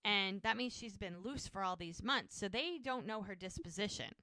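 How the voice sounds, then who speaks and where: Woman retelling a tv episode on her podcast, quoting everyone's lines, crisp voice, no room echo. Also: mid-range voice, animated, moderate pace, pushed and bright, clean studio sound. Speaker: podcast co-host. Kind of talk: casual episode recap.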